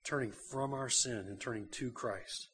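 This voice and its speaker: A man's voice: mid-range voice, normal speed, a bit bright, soft background music. A man, a pastor, preaching a conversational sermon to a church congregation.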